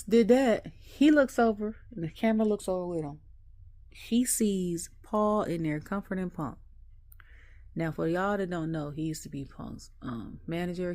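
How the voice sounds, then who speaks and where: Female home vlogger, deep voice, lively laughing storyteller, dry room. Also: no echo. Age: adult. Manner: animated storyteller who laughs often. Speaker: wrestling review vlogger. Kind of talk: casual ranting recap.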